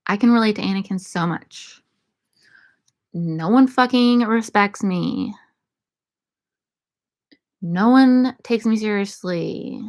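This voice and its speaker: A woman's voice: mid-range voice, slow, long pauses. A young woman in casual Q&A chat, answering viewer questions with irreverent, profane, laughing banter. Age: young adult.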